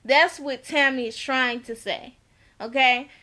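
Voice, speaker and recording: A woman's voice: sits high, measured pace, sharp tone. A woman recapping a reality TV episode in a casual vlog, blunt and slangy, laughing often. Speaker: reality TV reviewer.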